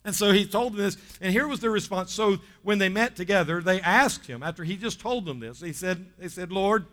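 Male pastor, fairly high bright voice, lively sermon delivery, long church reverb. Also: brisk. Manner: lively, dropping low and soft for stories, rising loud to exhort. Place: church sanctuary.

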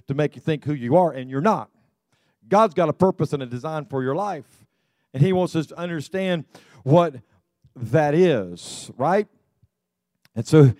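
A pastor with a fairly high, warm voice preaches a sermon in a dry recording. He tells folksy stories, often repeating words as he restarts his sentences.

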